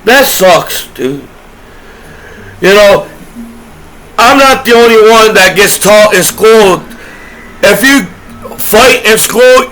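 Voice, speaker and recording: A man's voice: high voice, pushed and bright, a little hiss or hum, low-quality recording. A man, a combat veteran, going on a rambling, profane and aggrieved rant with repeated words and trailing restarts. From United States. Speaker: disabled combat veteran vlogger.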